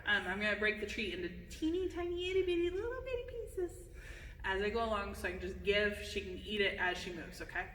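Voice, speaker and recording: A woman demonstrating dog training, explaining steps and calling a dog with high sing-song praise and sharp commands. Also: quick pace, hardly any pauses. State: out of breath. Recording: echoey hall, faint noise.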